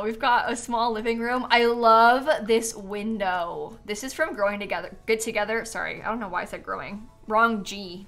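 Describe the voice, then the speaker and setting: Bubbly woman streamer, kinda highish voice, giggly and a bit sleepy, soft music playing behind. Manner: bubbly, giggly, chatty with viewers. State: yawning, tired. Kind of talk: casual live-stream game commentary.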